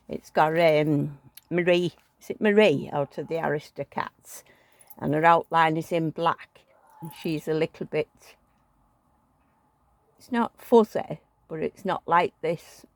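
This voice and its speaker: A woman talks through a home vlog in a rambling, chatty way, now and then grumbling. Her voice sits low with a gravelly, fry-laden edge. The sound is dry and close. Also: no room sound. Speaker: doll collector vlogger. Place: at home indoors.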